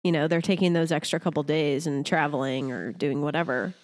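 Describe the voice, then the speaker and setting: A woman's voice: low-pitched, fairly quick. A woman co-hosting a podcast in casual chat, blunt and sarcastic, laughing often. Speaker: podcast co-host.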